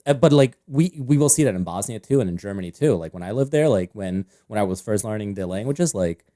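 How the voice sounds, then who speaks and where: A man's voice: on the low side, lively intonation, fast, warm tone. A man co-hosting a podcast, telling stories in laid-back, joking casual chat. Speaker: podcast co-host.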